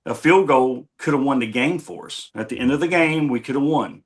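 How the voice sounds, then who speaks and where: A man's voice: mid-range voice, brisk. A man on a streamed sports talk show, speaking in short, fervent, punchy sentences as he backs another panelist. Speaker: co-host panelist. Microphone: online stream call.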